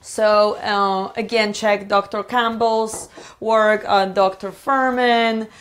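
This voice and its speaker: A woman's voice: medium pitch, fairly even intonation, slow pace. Woman, cooking show host, casual and enthusiastic, rambling delivery. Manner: chatty, enthusiastic, many fillers and restarts. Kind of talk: live-streamed cooking demo chat. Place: home kitchen.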